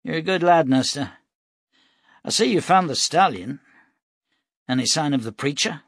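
A man's voice: a little high, expressive, moderate pace, gravelly, a bit bright, no echo, clean studio sound, pitched above the performer's own voice, exaggerated voice. A man voicing a tall, easygoing militia captain who explains himself at length. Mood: measured.

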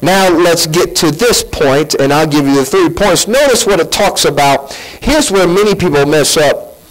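A man preaching a sermon as pastor, animated, asking rhetorical questions and leaping in pitch. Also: normal speed, rough recording.

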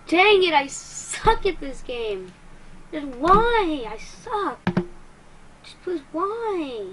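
Very high-pitched, a woman gaming on YouTube gives energetic let's-play commentary, easily frustrated and self-mocking. There's noise behind her.

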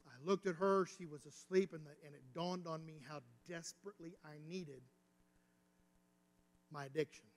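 A man preaching a sermon as pastor, telling a personal story with rising and falling intensity. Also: on the high side. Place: church sanctuary. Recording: reverberant church hall.

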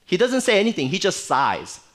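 A middle-aged man preaching a sermon in a church, conversational and animated, with playful asides. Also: high-pitched, normal speed. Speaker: pastor.

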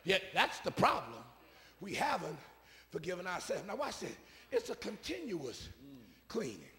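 High-voiced shouting preacher man. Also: wildly swooping pitch, normal speed. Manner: rhythmic, repeating phrases, swings from soft asides to shouts. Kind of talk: call-and-response sermon. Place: church sanctuary. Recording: preaching in a reverberant church hall.

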